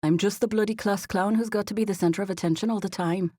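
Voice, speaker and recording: A woman's voice: deep voice, normal speed, dry recording, clean studio sound, natural voice. A woman doing a teasing, confident young man. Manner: teasing, relaxed, self-assured.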